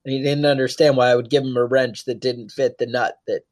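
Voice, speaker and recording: A man's voice: medium pitch, steady tone, a little fast. A man co-hosting a podcast, talking casually in rambling, joking asides. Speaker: podcast co-host.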